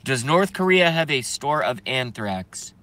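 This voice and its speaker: A man ranting angrily and profanely while reading viewer comments, swinging between yelling and mumbling. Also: mid-range voice, big pitch swings, a little slow. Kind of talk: angry political rant and comment reading.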